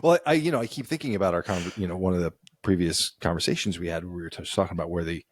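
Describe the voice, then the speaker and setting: An American man co-hosting a podcast, talking casually in a halting way, thinking aloud with fillers. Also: low-pitched, dry recording, clean studio sound. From United States. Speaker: podcast co-host. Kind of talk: casual chat.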